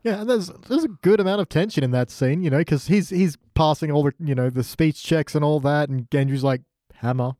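A man's voice: a little high, a little fast, few pauses, warm tone, dry recording, studio quality. A man co-hosting a casual podcast chat, joking and quoting scenes in put-on voices. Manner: jokey, quotes scenes in put-on voices, laughs often. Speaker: podcast co-host. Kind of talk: casual chat recapping a TV episode.

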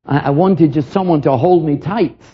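A man's voice: on the high side, moderate pace, slightly rough, lo-fi sound. An older man from England preaching a sermon, earnest and reflective, often repeating a word as he starts a line.

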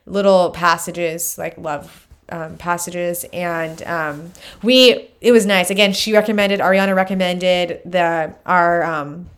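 A young woman co-hosting a podcast, chatting casually in a halting way with many pauses and "um"s. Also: on the low side, fairly even intonation, smooth. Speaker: podcast co-host. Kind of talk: casual chat.

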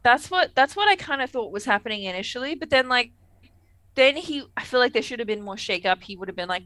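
A woman's voice: mid-range voice, fairly quick, a bit bright, no echo. A young woman chatting casually as a podcast co-host, laughing and trailing off mid-sentence. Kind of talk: casual chat recapping a TV episode.

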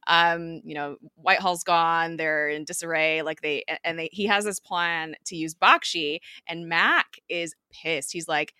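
Bright, chatty young woman recapping. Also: deep voice, moderate pace, few pauses, clear, resonant tone, no echo, studio quality. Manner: chatty, many fillers, frequent laughter. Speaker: podcast host. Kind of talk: casual episode recap.

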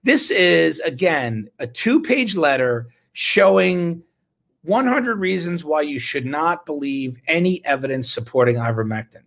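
A man's voice: on the high side, animated, measured pace, gravelly, fairly bright tone. A man, a physician, giving an indignant, sarcastic talk about medical research, with bursts of laughter. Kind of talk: impassioned talk.

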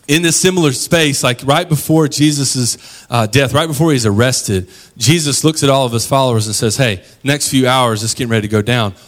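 A pastor giving a relaxed, chatty sermon, telling stories with plenty of slang and offhand asides. His voice is a man's voice of ordinary pitch, easygoing and conversational.

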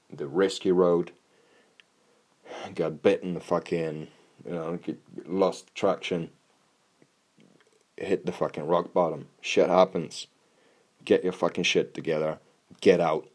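A man's voice: low voice, darkish tone. A young man talking casually in a blunt, tough-love way, swearing constantly and restarting his words often. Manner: blunt, heavy swearing, repeats words when starting. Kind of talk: casual monologue.

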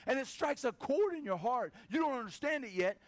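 A man's voice: extremely high pitch, fairly quick. A male pastor preaching a casual sermon, telling stories and acting out voices as he goes. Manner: animated storytelling, acts out voices.

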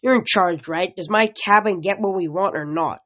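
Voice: medium pitch, normal speed, fairly bright tone, lo-fi sound, close to an everyday voice. A reader in an amateur audiobook reading, voicing an angry, tough teenage warrior girl who snaps her lines. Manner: snapping, defiant.

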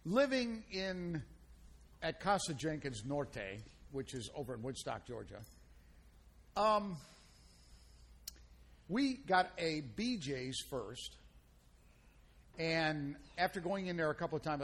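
A man with a notably high voice hosts a casual radio food show. He tells folksy, rambling stories and teases his co-hosts. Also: creaky, fairly bright tone, breathy edge. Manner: folksy storytelling with playful banter.

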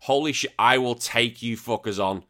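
A young British man hosting a retro games podcast, reading out listener comments in an excitable, sweary, laughing manner. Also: mid-range voice, normal speed. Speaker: podcast host.

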